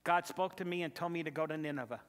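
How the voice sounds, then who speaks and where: A preacher voicing a resigned runaway prophet. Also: male voice, on the high side, fast talker, in a large hall, lightly acted. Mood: confessing.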